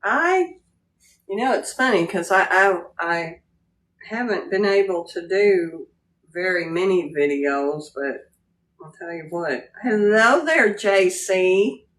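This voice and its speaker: A woman hosting a casual live stream, talking into her phone at home. She greets viewers one by one and laughs freely as she chats. Her voice sits a little low, and she talks at an unhurried, drawn-out pace. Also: expressive, fairly bright tone. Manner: chatty, laughs a lot, greets viewers by name. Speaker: livestream host greeting viewers.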